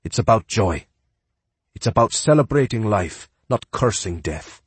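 A man voicing a kindly older male cemetery groundskeeper with a heavy Spanish accent, talking in a warm, philosophical way. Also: lowish voice, expressive, unhurried, breathy edge, no room sound, pitched above the performer's own voice. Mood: consoling. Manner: warm, philosophical, gently coaxing.

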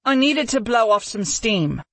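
A man voicing a stubborn, hot-tempered young woman who is a warrior student, pitched up high and speaking through gritted teeth. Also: big pitch swings, a little slow, a bit bright, dry recording, full character voice. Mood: sheepish.

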